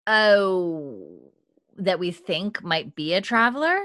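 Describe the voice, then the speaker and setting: A woman hosting a podcast, recapping TV episodes in an animated, chatty way. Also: on the low side. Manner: animated storyteller, quick asides. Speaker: podcast host.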